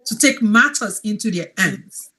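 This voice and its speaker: Emphatic wellness coach woman, animated pitch. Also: a little slow. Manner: earnest, emphatic, repeats points. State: emotional, near tears. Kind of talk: testimonial chat.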